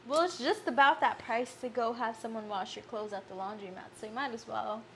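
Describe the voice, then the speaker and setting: A young woman hosting a casual chat, asking quick teasing questions and laughing along. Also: on the high side, fairly bright tone, slight background noise. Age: young adult. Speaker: host.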